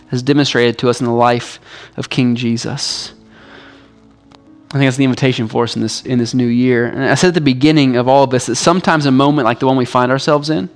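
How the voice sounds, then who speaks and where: A male pastor delivering a sermon in a relaxed, conversational way, often dropping in "like" as he speaks. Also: mid-range voice. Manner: casual, conversational preaching with frequent "like".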